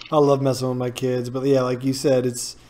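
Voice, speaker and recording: A man's voice: mid-range voice, flat delivery, unhurried, dark tone. A man in his thirties hosting a live gaming show, chatting casually and laughing at his own jokes as he tells stories. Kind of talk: casual chat.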